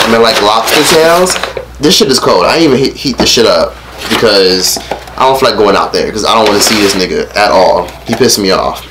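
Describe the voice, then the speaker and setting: A man in his late teens telling a story over a casual mukbang meal at home. He rants in a profane, animated way and eats between sentences. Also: fairly low pitch, background noise. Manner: eating while talking. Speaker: vlogger. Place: his rented room at home.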